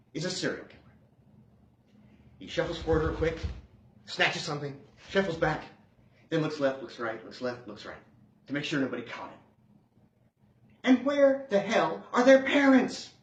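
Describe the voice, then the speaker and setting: A man doing a stand-up comedy set, sarcastic and animated, swinging between loud outbursts and hushed asides. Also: a little high. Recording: dull lo-fi sound in a roomy space.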